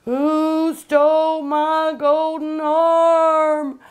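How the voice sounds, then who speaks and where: A woman putting on an eerie, drawn-out, sing-song voice of a woman telling a ghost story. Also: sits high, monotone, faint music behind, voice pushed up. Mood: spooky. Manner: slow, wailing, sing-song.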